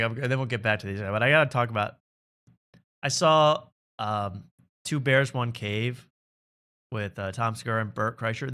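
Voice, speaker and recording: Male comedy podcast host, sarcastic and ranty, bright voice. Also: medium pitch. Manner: sarcastic, ranting. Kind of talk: casual comedy podcast chat.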